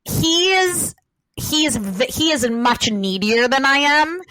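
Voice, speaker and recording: A woman's voice: sits high, expressive, takes it slowly, bright, forceful tone, dry recording, low-quality recording. A woman talking as a podcast guest in a casual chat, rambling with lots of fillers. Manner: chatty, rambling, with many fillers.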